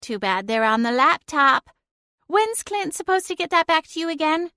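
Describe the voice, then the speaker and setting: A woman's voice: high-pitched, sing-song, normal speed, bright, forceful tone, no echo, pitched above the performer's own voice, exaggerated voice. A woman voicing a smug, sly female talking cat who teases with drawling, passive-aggressive innocence. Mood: mocking.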